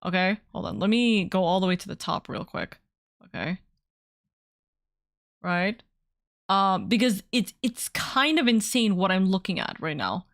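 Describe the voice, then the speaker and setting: A woman streaming from home as a VTuber, chatting casually in a rambling, excitable way and swearing freely. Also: fairly low pitch, unhurried, dry recording, clean studio sound. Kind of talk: casual livestream chat.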